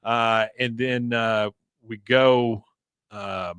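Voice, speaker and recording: A man's voice: medium pitch, steady tone, drawn-out words, a bit bright, smooth, no room sound. A man co-hosting a live podcast, casually retelling a cartoon episode and tossing off the characters' lines as he goes. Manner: retells scenes, quoting characters in a loose voice. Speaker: podcast co-host.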